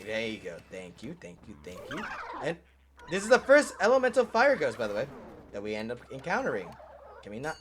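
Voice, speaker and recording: A man's voice: mid-range voice, huge pitch swings, brisk, fairly bright tone, slight background noise. A man giving casual gameplay commentary, rambling, swearing and laughing as he plays. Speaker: let's play host.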